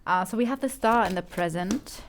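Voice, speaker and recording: A woman doing a tarot card reading. She talks in a chatty way, corrects herself, and softly repeats her questions while she draws the cards. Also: medium pitch, brisk, a little hiss or hum. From Germany. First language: German. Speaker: tarot reader.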